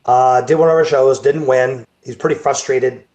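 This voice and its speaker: A man's voice: mid-range voice, steady tone, moderate pace, a little mellow, lo-fi sound. A man, a bodybuilding show promoter, telling a rambling story over a video call, repeating words and restarting sentences. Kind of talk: casual storytelling interview.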